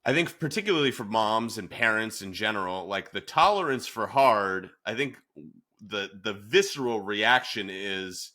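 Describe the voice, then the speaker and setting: A man hosting a podcast, chatting casually with self-deprecating, animated asides. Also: on the low side, normal speed. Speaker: podcast host. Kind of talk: podcast conversation.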